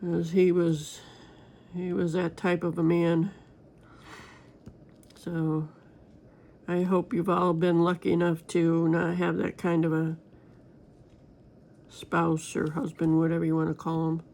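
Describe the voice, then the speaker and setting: Gravelly-voiced woman chatting casually. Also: fairly low pitch, monotone, takes it slowly, pauses often, mellow. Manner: rambling, chatty, talks straight to viewers. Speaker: crafting vlogger. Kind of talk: casual chat while diamond painting.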